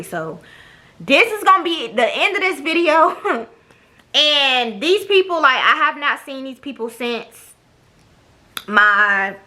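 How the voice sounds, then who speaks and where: Sassy young woman vlogger, bright forceful voice, cussing through a storytime. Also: on the high side. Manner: blunt, profane, sassy, mimics others. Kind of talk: casual storytime monologue.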